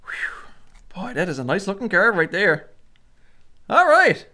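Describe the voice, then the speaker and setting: A woman from Canada, hosting a casual card-opening video and reading card names aloud, excitable and chatty. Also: mid-range voice, measured pace. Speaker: channel host.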